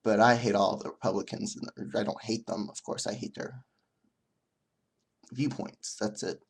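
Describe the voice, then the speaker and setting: A young man vlogging in a casual monologue, rambling and halting, with frequent restarts. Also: on the low side, fairly even intonation, husky.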